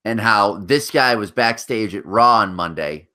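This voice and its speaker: A man co-hosts a podcast, trading news and rumors in loose, profane banter. His voice sits fairly low and sounds pushed and bright, and he takes his time.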